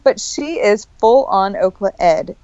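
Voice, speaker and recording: A woman's voice: mid-range voice, expressive, measured pace, mellow, no room sound. A woman co-hosting an education podcast, chatting in an upbeat, playful way. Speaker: podcast co-host. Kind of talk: casual chat. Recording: dull dry sound.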